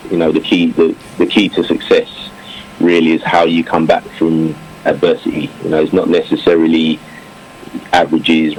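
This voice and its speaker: A former English cricketer chatting in an interview, reflective, with many fillers and restarts. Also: male voice, extremely low pitch, darkish tone, low-quality recording. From England. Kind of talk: casual interview talk. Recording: faint background noise.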